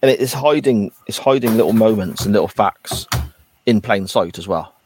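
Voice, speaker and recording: A man's voice: on the low side, normal speed, a little mellow, soft background music. A man co-hosting a podcast, thinking aloud and second-guessing himself while discussing a TV episode. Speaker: podcast co-host. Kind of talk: casual chat reviewing a TV episode.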